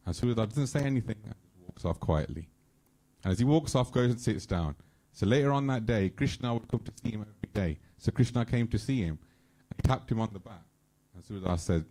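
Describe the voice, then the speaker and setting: A man with a low voice tells devotional stories at a temple gathering. He acts out the characters' lines with lively energy. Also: moderate pace. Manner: animated storyteller, acts out dialogue. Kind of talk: storytelling talk. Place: temple hall.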